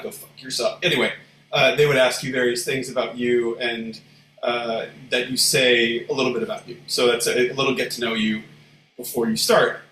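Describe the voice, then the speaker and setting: Laid-back guy rambling as co-host, roomy echo, bit of hiss behind. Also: medium pitch. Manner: rambling, relaxed, with swearing. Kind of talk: casual livestream chat. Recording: echoey room, faint noise.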